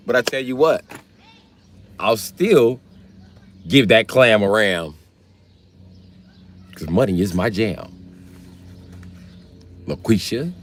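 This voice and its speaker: A man hosting his own live stream, reading out viewer comments and riffing on them. He talks in a fairly low voice with loose, crude, joking banter that rambles from one bit to the next. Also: a little hiss or hum.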